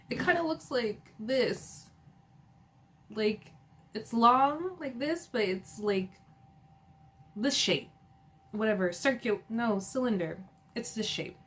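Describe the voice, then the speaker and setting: Giggly chatty woman recapping reality TV. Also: mid-range voice. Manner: chatty, giggly, filler-heavy. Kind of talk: casual episode recap.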